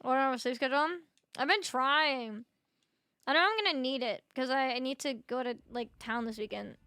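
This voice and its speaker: Bright high-voiced sleepy woman streamer. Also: normal speed, clean tone, no room sound, studio quality. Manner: chatty, swears freely, talks to chat. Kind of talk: casual gameplay chat.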